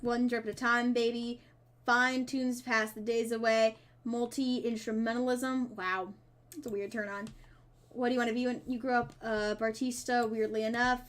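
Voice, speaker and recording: A woman streamer reading a dating game's dialogue aloud, with playful asides and quick self-corrections. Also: a little high, flat delivery, fairly bright tone. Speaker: streamer playing a dating sim. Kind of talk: reading game text aloud with casual commentary.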